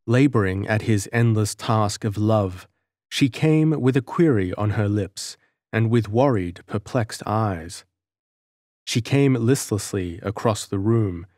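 A man narrating an audiobook in a measured storytelling manner. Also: lowish voice, a little mellow, dry recording, studio quality. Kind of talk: scripted narration.

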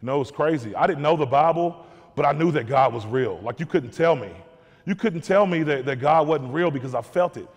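A man's voice: a little high, expressive, a little fast. A man giving a candid personal testimony to an audience, earnest and repeating words as he searches for them. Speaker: guest speaker. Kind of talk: testimony talk. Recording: long hall reverb.

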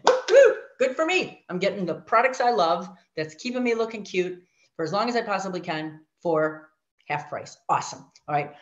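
Animated woman telling her story, lo-fi. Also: on the low side. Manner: animated storyteller, mimics voices, asides to the audience. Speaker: guest sharing her story. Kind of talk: personal testimony talk. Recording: dull lo-fi audio.

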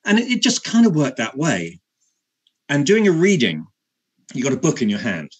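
A man, an actor being interviewed, telling a self-mocking anecdote in halting speech with many repeated words and frequent laughter. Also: medium pitch, huge pitch swings, breathy edge.

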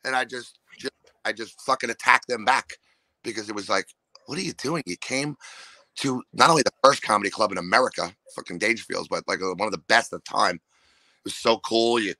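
A comedian from New York with a New York accent, talking casually and profanely, breaking into loud, ranting impressions. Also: male voice, lowish voice, brisk, no echo, low-quality recording. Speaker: comedian guest. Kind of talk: casual podcast chat.

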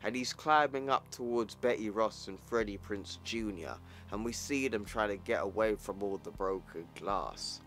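A man's voice: on the low side, moderate pace, hardly any pauses, a bit bright, slight background noise. A man casually recapping a comic book, talking in slang with some swearing. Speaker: YouTuber.

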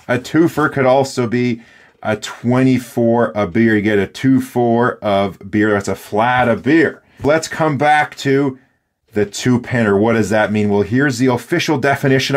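Dude from bc doing a chill unboxing vlog, jokey and rambly, lots of uhs. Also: male voice, mid-range voice. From British Columbia, Canada. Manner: playful and jokey, rambling with fillers. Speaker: fountain pen channel host.

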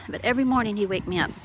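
A woman giving an emotional personal testimony, often laughing softly and dropping into whispers. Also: on the high side, background noise. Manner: tearful, laughing, drops to whispers. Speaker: Christian testimony speaker.

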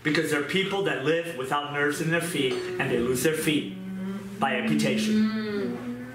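A man preaching a fervent sermon, moving from pleading prayer to quieter scripture reading. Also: a little high, lively intonation, moderate pace. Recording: echoey room with noise.

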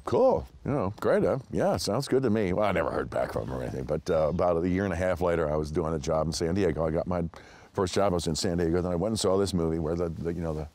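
A man with a very low voice tells a story in a sit-down interview, and he laughs easily between his sentences. He acts out the people in his tale with sudden jumps in pitch and often restarts his thoughts mid-sentence. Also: racing. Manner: animated anecdote-telling, acts out quoted people with big pitch jumps. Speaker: interview guest.

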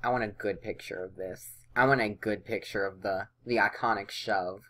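A woman's voice: rumbling low, fairly even intonation, normal speed, fairly bright tone. A woman casually commenting on a life-simulation game she is playing, chatty and playful, sometimes voicing her characters' lines. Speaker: let's play host.

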